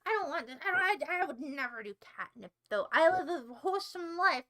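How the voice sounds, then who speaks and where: Very high, bright-voiced woman streamer. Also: expressive, normal speed, few pauses. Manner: playful mock-indignant ranting; exaggerated silly tangents and banter. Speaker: livestream host. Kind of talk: casual livestream chat with viewers.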